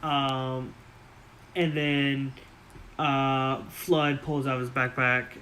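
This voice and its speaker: A man narrating a tabletop game as game master, relaxed and halting with fillers. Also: medium pitch, a little hiss or hum, rough recording.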